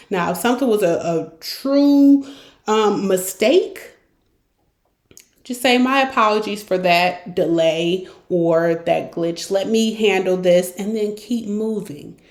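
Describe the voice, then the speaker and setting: The roomy, echoing recording captures a podcast host and consultant with a mid-range voice who speaks a little slowly. She coaches listeners directly and encouragingly in a monologue, acting out examples as she goes.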